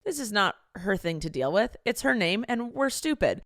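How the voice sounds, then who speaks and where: A woman's voice: mid-range voice, sing-song, moderate pace, no room sound, studio quality. A woman co-hosting a casual chat podcast, joking playfully and teasing herself. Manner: playful, self-mocking, jokey. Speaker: podcast co-host.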